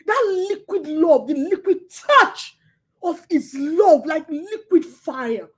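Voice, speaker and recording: A woman's voice: extremely high pitch, lively intonation, slow pace. A woman preaching a sermon with passion, who repeats her words and swings between laughter and near tears.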